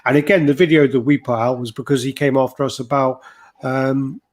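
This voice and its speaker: A man's voice: medium pitch, steady tone, brisk. A man chats loosely on a live stream, swearing freely and trailing off into fillers. His voice sits in an ordinary middle register. He reads viewer comments aloud between his own asides. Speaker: livestream co-host. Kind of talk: casual chat.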